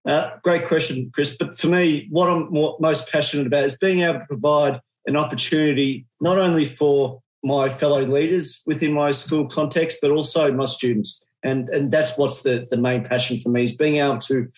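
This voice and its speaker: A man's voice: on the high side, steady tone, normal speed, few pauses, poor audio. A man with an Australian accent, a teacher and digital learning coach, answering interview questions in an earnest conversational way, often restarting phrases. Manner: earnest, with frequent restarts and quoted self-talk.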